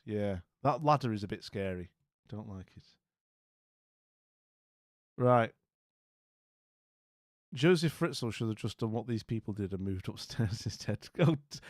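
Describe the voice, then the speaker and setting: A man's voice: mid-range voice, no room sound, clean studio sound. A man hosting a casual live chat, wry and rambling, often trailing off into mutters. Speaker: livestream host. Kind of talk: casual live chat reacting to house listings.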